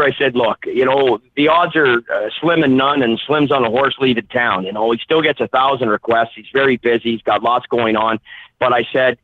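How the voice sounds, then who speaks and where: A man's voice: medium pitch, no room sound. A man, a phone-in guest telling a long anecdote animatedly and acting out the voices he quotes. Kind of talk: anecdotal storytelling. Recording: tinny phone line.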